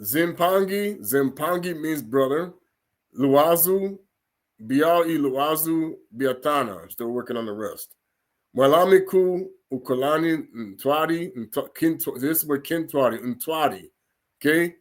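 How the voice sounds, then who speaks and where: A man with a slightly high voice leads a casual scripture lesson at an unhurried pace. He sounds out unfamiliar words one syllable at a time, then breaks into animated, laughing asides. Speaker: religious teacher. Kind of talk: informal scripture reading lesson.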